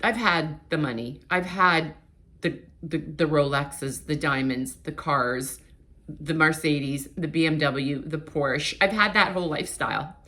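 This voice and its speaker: A YouTuber in her late fifties, born in Portugal and raised in Canada, chats casually to the camera in a low-pitched, somewhat bright voice at a measured pace. She talks candidly to her viewers, rambling openly and restarting often.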